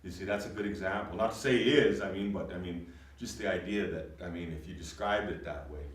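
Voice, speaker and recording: Speaking fast in a low voice, a man leads a language class with energy, patiently explaining and regularly making sure students understand. The sound is distant and echoey.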